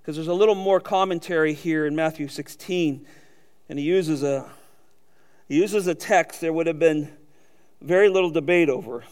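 Man, high-pitched voice, sermon, emphatic peaks and hushed asides. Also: normal speed. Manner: preaching with rising emphatic peaks and quiet low asides. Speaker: pastor.

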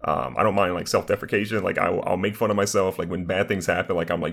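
Deep-voiced with vocal fry and a somewhat bright tone, this young man speaks a little quickly. As a streamer and content creator guesting on a podcast, he rambles cheerfully and casually, leaning heavily on "like."

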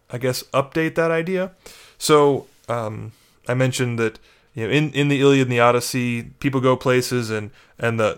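A male Catholic priest talks through a reflection in a relaxed, conversational way. He retells stories with a wry, joking edge. His voice sits in an ordinary middle register. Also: medium pitch, clean tone. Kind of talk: casual spoken reflection.

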